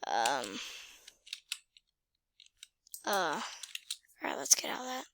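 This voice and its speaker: A woman's voice: fairly low pitch, huge pitch swings, slow, creaky, a bit bright, no room sound, clean studio sound. A woman casually talking through a driving game, muttering, whispering and exclaiming to herself. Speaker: gamer playing a driving game. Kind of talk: casual gameplay commentary.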